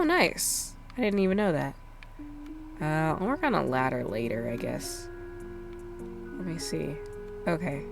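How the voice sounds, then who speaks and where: Her voice low-pitched with vocal fry, a woman streamer chats casually as she plays a game. She rambles, using many fillers and putting herself down in little asides.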